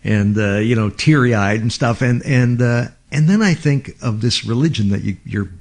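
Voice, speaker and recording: A man hosting a casual interview podcast, speaking in a halting, reflective way. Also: medium pitch. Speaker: podcast host.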